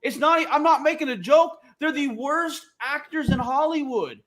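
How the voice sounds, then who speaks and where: A man with a notably high voice riffs through casual podcast banter. He is opinionated, profane and animated, and he jumps from one take to the next. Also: normal speed. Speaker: podcast co-host. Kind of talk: casual chat.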